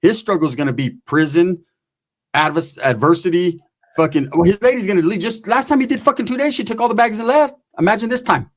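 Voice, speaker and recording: Joking guy cohosting a stream, cusses, pitch bounces around a lot. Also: expressive, a little fast. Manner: joking, profane, easygoing. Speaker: co-host. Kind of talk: casual live-stream chat.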